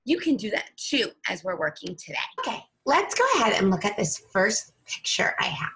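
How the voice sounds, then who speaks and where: A woman teacher leading an early-reading lesson for young children, slow and patient, stretching out each sound. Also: mid-range voice, big pitch swings, sharp tone.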